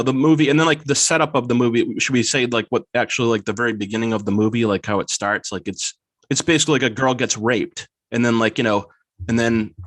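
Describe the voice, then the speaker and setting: A man's voice: lowish voice, fairly bright tone, no room sound, studio quality. A man guest on a podcast, rambling casually about a movie, filling nearly every phrase with "like" and laughing easily. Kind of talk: casual chat.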